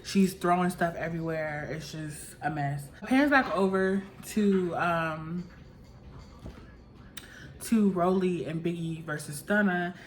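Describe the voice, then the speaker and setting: Chatty, gossipy woman with a lowish voice. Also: takes it slowly, slight background noise. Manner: chatty, gossipy, frequent "like" fillers. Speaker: recap vlogger. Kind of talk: casual episode recap.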